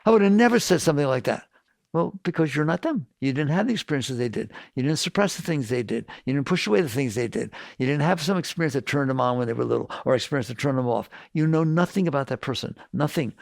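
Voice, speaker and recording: A man giving a spiritual talk to an audience, blunt and animated, full of rhetorical questions. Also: medium pitch, fast talker, vocal fry, hardly any pauses, no room sound, clean studio sound. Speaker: spiritual teacher.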